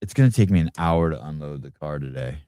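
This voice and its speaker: A man's voice: very deep voice, fast talker, warm tone, clean tone, no room sound, studio quality. A man hosting a podcast in casual chat, speaking offhand and muttering to himself as he reads comments. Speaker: podcast host.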